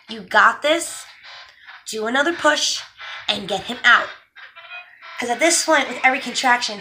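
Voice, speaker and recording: A young woman vlogger telling a story in a casual, animated way, acting out what others said in her own voice. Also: high voice, slight background noise, poor audio. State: pregnant. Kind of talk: casual story-time chat to camera. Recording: faint music behind.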